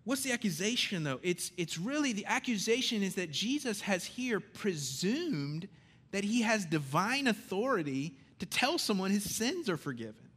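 A man preaching a sermon in a conversational, animated way, swinging between loud emphasis and hushed lines. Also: high voice, moderate pace.

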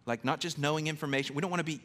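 A man delivers a church sermon in a fairly high voice. He talks to the congregation casually, then turns emphatic and swings between loud declarations and hushed, intimate lines. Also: racing. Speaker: pastor.

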